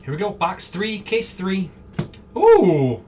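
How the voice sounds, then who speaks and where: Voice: mid-range voice, animated, measured pace, a bit bright, distant mic, slight background noise. Chatty card-break host from Wisconsin. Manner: chatty, rambling, easily amused. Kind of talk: live-stream casual chat. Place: indoor room.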